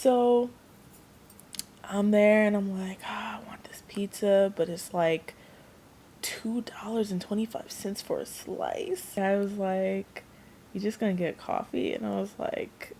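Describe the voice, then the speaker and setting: A woman's voice: fairly low pitch, gravelly, dark tone, a little hiss or hum. A young woman vlogging, telling a rambling story in a chatty way and acting out the people she quotes. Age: young adult. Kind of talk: casual storytelling vlog.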